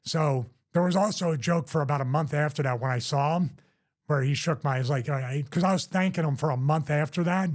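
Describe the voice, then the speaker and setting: A man in his fifties hosting his own show, telling a story in a casual, animated, self-deprecating way and quickly quoting others. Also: a little high. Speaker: host.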